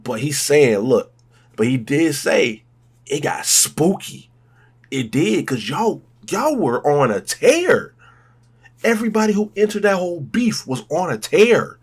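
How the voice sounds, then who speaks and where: A man hosting a music reaction video, talking in an excitable, rambling way with drawn-out, emphatic exclamations. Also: a little high, husky. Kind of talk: casual music reaction commentary.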